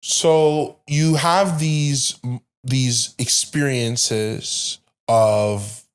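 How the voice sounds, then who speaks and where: A woman with an exceptionally low, deep voice hosts a podcast interview. She asks curious, musing questions, circling through qualifiers and restarts before she lands on her point. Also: steady tone, very slow, clear, resonant tone. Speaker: podcast host.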